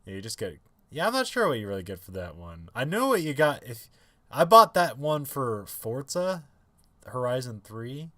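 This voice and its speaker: A man co-hosts a podcast in casual conversation, his mid-range voice very animated and fairly bright at a moderate pace. He rambles with plenty of fillers and restarts and laughs often. The recording has no echo.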